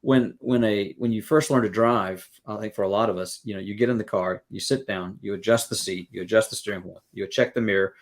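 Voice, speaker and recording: Appearing as a podcast guest, this music educator from the Southern United States earnestly explains concepts with everyday analogies and performs quoted dialogue. His lowish voice stays fairly even, a little fast with hardly any pauses.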